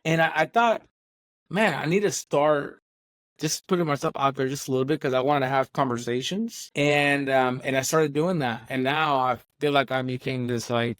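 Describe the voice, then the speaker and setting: Man, interview host, smooth clear voice, dry close sound, easygoing. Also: medium pitch, normal speed, no room sound. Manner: relaxed and affirming, many fillers. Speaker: podcast host. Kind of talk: casual interview chat.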